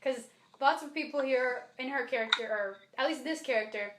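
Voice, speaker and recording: Woman, podcast co-host, high voice, animated chatty book talk, echoey room. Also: moderate pace, noisy background. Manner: chatty, animated, many fillers. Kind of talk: casual book discussion.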